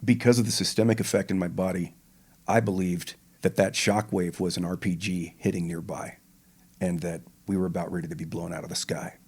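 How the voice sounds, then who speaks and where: An older man, a retired pararescueman, retelling his combat experience as a podcast guest in a slow, measured and vivid way. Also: deep voice, a little mellow, breathy edge. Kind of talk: interview storytelling.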